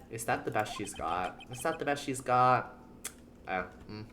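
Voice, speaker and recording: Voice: mid-range voice, lively intonation, moderate pace, a bit bright, slight background noise. A streamer giving casual commentary while playing a game, chatty and joking in reaction to the story.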